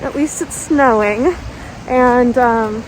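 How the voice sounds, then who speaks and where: High-voiced young woman vlogging outdoors. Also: slow pace, rough recording. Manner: chatty, swears freely, laughs often. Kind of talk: casual vlog. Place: outdoors on city streets. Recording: loud outdoor street noise.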